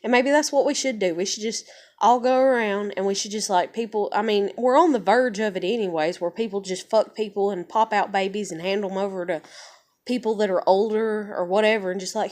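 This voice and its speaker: A woman's voice: medium pitch, brisk, darkish tone. A woman vlogger venting to the camera in a casual, frustrated rant that is full of swearing. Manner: frustrated, heavily profane ranting.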